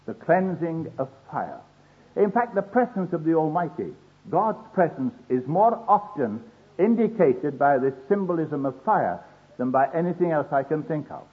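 A man's voice: on the high side, animated, moderate pace. An older man preaching a sermon in an earnest way, acting out the voices he quotes. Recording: tinny phone-like old sermon tape.

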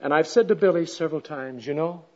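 A man with a slightly higher voice than most tells a folksy sermon story in a plain, chatty way. Now and then he bursts into loud, animated exclamations. The recording sounds dull and lo-fi. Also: quick pace. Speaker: speaker at a women's gathering.

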